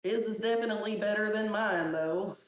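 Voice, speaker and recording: A woman's voice: mid-range voice, a little fast. A woman commentating casually and wryly while running a game. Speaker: speedrunner. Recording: dull echoey recording.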